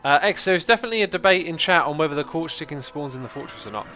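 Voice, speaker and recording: A man hosting a casual gameplay livestream, chatting, thinking out loud and answering viewer comments. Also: on the high side, lively intonation, very fast, faint music behind. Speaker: livestream host.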